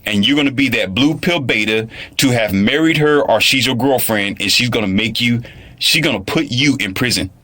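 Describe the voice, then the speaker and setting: A man's voice: medium pitch, normal speed, bright, forceful tone. A man giving a casual commentary monologue, rambling, repetitive and emphatic. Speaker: online commentator.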